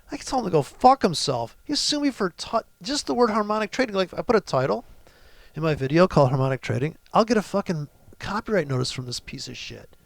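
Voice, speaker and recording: A man's voice: high-pitched, gravelly, fairly bright tone, no echo. A man hosting a trading video, giving brash, profane, mocking commentary over his charts. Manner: brash, swearing, mocking, ranting. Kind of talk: profane ranting screen-share commentary.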